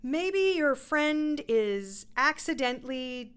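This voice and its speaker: A woman's voice: sits high, lively intonation, takes it slowly, fairly bright tone, clean tone. A woman vocal coach teaching a voice lesson in a playful, encouraging way. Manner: instructive.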